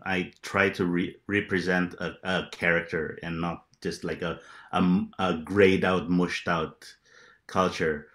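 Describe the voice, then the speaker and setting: Earnest man with a very low voice, halting speech on an improv panel. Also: little pitch movement, fairly bright tone. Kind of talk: panel discussion.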